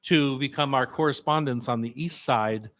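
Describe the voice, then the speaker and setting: A man's voice: mid-range voice, moderate pace. A man hosting a casual food radio show, chatty and joking, with plenty of filler words.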